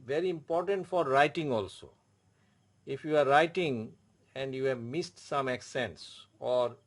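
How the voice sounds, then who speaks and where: A middle-aged man with an Indian English accent teaching an online French lesson, with a formal manner and a lot of repetition. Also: mid-range voice. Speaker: French tutor.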